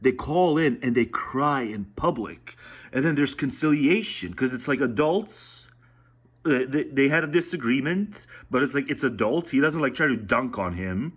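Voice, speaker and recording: A man's voice: medium pitch, animated, normal speed, husky. Sarcastic male commentator who laughs a lot. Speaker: streamer reacting to a clip. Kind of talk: casual reaction commentary.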